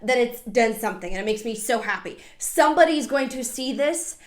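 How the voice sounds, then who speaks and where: A woman giving excited, emphatic reaction commentary, swearing freely. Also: a little high, a little fast. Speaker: anti-MLM commentator.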